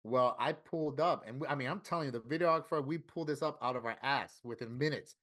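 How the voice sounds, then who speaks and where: A man from Florida telling a story in casual interview talk, animated and profane, acting out what other people said. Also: medium pitch, fast. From Florida, USA. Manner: animated, profane, acts out quoted voices. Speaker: interview guest, tattoo artist.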